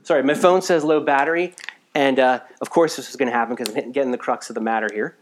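A man from the United States preaching a live sermon in a conversational way, swinging between emphatic bursts and quiet asides, a little tired. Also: medium pitch, steady tone, quick pace, a little hiss or hum. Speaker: pastor.

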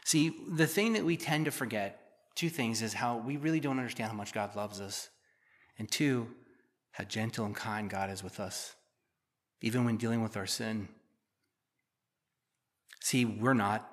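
In a lowish voice at a measured pace, pausing often, a middle-aged pastor reads scripture during his sermon. He follows each verse with conversational explanation and lighthearted asides.

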